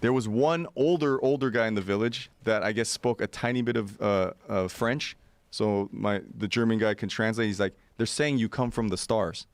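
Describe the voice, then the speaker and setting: A man's voice: fairly low pitch, normal speed, clear, resonant tone, dry recording. A man in his forties telling a long adventure story, acting out other people's voices with lots of fillers. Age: 40s. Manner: acts out voices in quotes, many fillers. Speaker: podcast guest. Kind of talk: animated storytelling.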